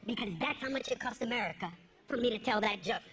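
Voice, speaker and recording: High-pitched, animated female stand-up with a ranting delivery, recorded lo-fi. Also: fast talker. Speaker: stand-up comedian. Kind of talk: stand-up comedy. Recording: dull lo-fi recording with loud crowd.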